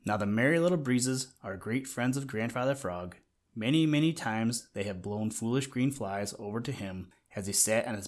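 A man reading a children's storybook aloud in a gentle way, talking to the listener now and then. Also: fairly low pitch. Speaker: narrator.

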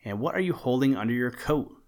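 A man voicing a jolly, brisk old Santa Claus in a storybook, with a hearty, commanding manner. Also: mid-range voice, lively intonation, a little mellow, voice pushed up, natural voice. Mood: questioning.

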